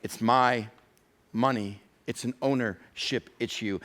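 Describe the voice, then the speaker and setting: A man's voice: mid-range voice, normal speed, fairly bright tone. A middle-aged man preaching a church sermon, full of humorous storytelling. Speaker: pastor.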